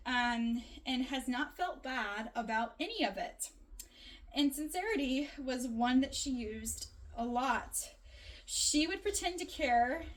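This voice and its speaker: A young woman, a student, casually reflecting aloud on a class assignment in a chatty, rambling way with many fillers. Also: fairly high pitch.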